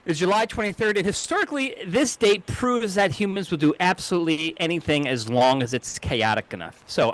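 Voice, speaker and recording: Guy on a call-in style podcast, kinda high voice, goofy rambling history bits. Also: a bit bright, dry recording. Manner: rambling, jokey history rundown with fumbled names. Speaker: co-host. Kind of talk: casual podcast banter. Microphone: home mic on a video call.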